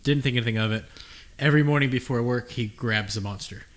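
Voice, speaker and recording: Regular guy at mid pitch, chill storytelling over drinks, just plain matter of fact. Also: quick pace. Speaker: podcast co-host. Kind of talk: casual chat over drinks.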